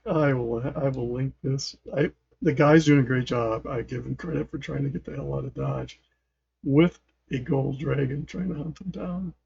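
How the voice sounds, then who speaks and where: A man's voice: medium pitch, normal speed, vocal fry, darkish tone, husky, dull audio. A man hosting a gaming channel, giving casual gameplay commentary in a rambling way, often trailing off and chuckling.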